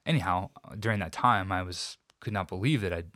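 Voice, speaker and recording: Man, very deep voice, reflective, halting speech, interview guest, dry recording. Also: bright, forceful tone, no room sound. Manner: reflective, halting with many restarts. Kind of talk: personal storytelling in an interview.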